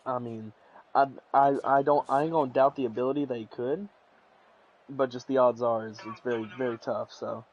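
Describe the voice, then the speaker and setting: A young man casually commentating a football video game, rambling with restarts and sudden excited bursts. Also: medium pitch, normal speed, muffled recording. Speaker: play-by-play commentator.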